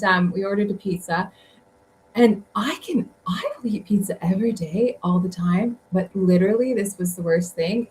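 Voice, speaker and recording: A woman's voice: mid-range voice, a little hiss or hum, poor audio. A woman guest telling travel stories in a casual interview, chatty and rambling with many fillers. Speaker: guest author.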